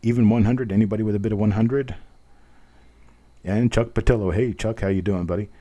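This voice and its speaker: A man runs a live online coin auction, calling out bids in a steady, rhythmic patter. His voice sits low and sounds warm and relaxed. Between lots he chats and jokes at his own expense. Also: brisk. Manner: chatty, self-deprecating, rhythmic bid calling. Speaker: auctioneer host.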